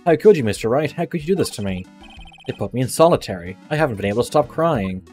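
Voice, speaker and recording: An earnest young former policewoman with bad luck, as a man reads her lines aloud. She is sincere and self-pitying but polite, and she tacks "sir" onto her sentences. Soft music plays faintly under the game dialogue. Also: medium pitch, expressive, quick pace, natural voice. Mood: upset. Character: unlucky cheerful young woman, a fired ex-policewoman.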